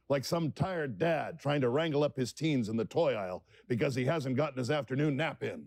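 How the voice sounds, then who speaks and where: A man's voice: medium pitch, moderate pace, gravelly, hardly any pauses, a little mellow, no room sound. Playful man reading aloud, dry sound. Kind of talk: casual panel chat.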